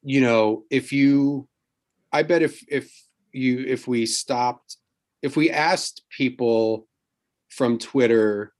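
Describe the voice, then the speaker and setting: A man in casual podcast chat, circling his point with many false starts. His voice sits at an average pitch. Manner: rambling, halting restarts. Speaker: guest comedian.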